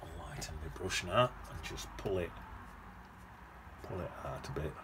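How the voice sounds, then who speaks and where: A man's voice: deep voice, lively intonation, a little slow, background noise. A man teaching watercolour painting in a chatty, rambling way, humming to himself as he paints. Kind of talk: casual painting demonstration.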